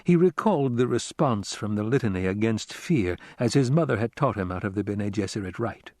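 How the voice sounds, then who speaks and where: A man narrating an audiobook in a measured, unhurried way. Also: lowish voice, expressive, a little mellow, no echo, studio quality. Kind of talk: scripted narration.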